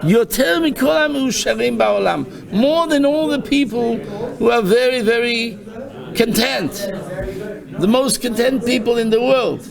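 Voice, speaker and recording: High-voiced rabbi teaching a live class. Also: male voice, unhurried, vocal fry, crowd noise. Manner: quotes Hebrew verses and translates them into English, animated storytelling. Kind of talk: Torah class. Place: synagogue study hall.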